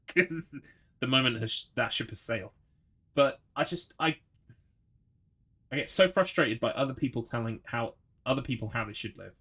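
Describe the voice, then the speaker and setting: A man's voice: mid-range voice, moderate pace, pauses often, pushed and bright. A man streaming a horror game, chatting with his audience in a rambling, swear-prone way. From United Kingdom. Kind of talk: gaming livestream commentary.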